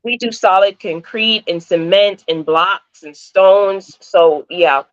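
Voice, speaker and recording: A woman's voice: mid-range voice, slow, no room sound. Upbeat woman from jamaica w an american-sounding accent, dry dull-ish video call audio. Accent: American-sounding English. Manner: upbeat, laughs often. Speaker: guest. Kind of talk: casual interview chat.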